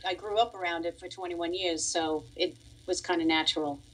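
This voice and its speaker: This radio interview guest, a piano teacher and musician in her forties, hails from Long Island, New York. She speaks a little fast in a lowish, steady voice, laughing often and chatting easily as she tells her story, though the recording quality is low.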